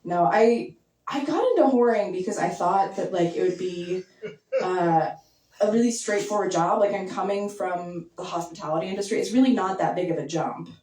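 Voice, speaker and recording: A young woman doing a stand-up set in a basement club, talking casually and deadpan, full of likes and ums. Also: on the low side, moderate pace. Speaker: stand-up comedian. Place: basement comedy venue with audience. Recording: echoey basement, mic heard from a distance.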